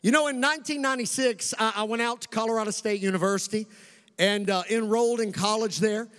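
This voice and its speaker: High-voiced Kentucky preacher in a reverberant hall. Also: male voice, fairly even intonation, a bit bright, clean tone. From Western Kentucky. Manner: preacher's cadence, slowing for emphasis, calling on the congregation. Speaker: pastor. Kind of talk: sermon.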